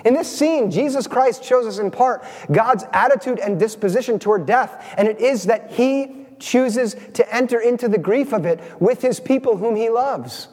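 A male pastor with a high voice delivers a sermon in a church sanctuary. He keeps the congregation involved, checking in with quick questions, and his words ring out with a long reverb through the hall. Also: a little mellow. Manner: engaging, asks the congregation questions.

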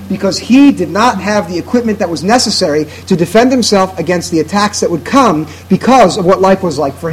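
A man's voice: high-pitched, a little mellow, a little hiss or hum, poor audio. A man preaching a sermon to his congregation in an earnest, emphatic way, driving his points home through repetition. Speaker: pastor.

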